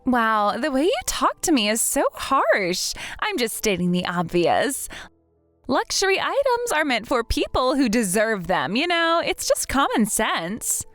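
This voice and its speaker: A woman's voice: on the high side, very animated, a little slow, fairly bright tone, dry recording, faint music behind. A woman voicing a snobbish, spoiled young bride in a text-message drama, with a sneering, condescending manner.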